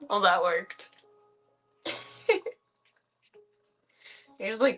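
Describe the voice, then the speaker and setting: A woman's voice: fairly high pitch, lively intonation, drawn-out words, pauses often, soft background music. A woman streamer chatting casually at home, fussing over her pet in doting, playful baby talk and laughing often.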